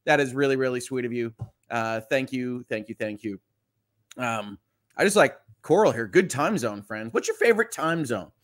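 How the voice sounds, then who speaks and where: Man from Michigan, livestream host, mid-pitched, chatty, reads the chat and riffs on it. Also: expressive, normal speed. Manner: chatty, reads viewer comments aloud with quips. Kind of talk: casual morning livestream chat.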